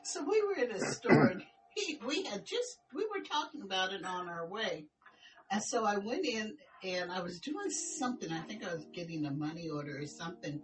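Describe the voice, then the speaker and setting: A woman's voice: medium pitch, animated, normal speed. An older woman co-hosting a podcast, telling a story in a meandering way with frequent laughs. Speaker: podcast co-host. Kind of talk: casual storytelling chat. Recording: voice picked up from a distance over music.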